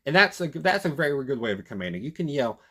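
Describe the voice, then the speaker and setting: A man reviewing a documentary in casual commentary, emphatic and animated, often restarting his sentences. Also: on the high side, fast. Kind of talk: casual commentary retelling a story.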